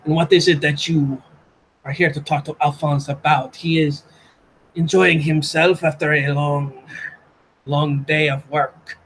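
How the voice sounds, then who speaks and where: A man voicing a very fat gentleman with a thick French accent, haughty and self-important. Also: a little high, little pitch movement, measured pace, a little hiss or hum, rough recording.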